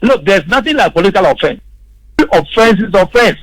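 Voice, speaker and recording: A man's voice: high-pitched, expressive, fairly quick, fairly bright tone, dry recording, low-quality recording. A man, speaking as a political commentator on a radio panel and stressing his points emphatically. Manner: emphatic, repeats words for stress. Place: radio studio.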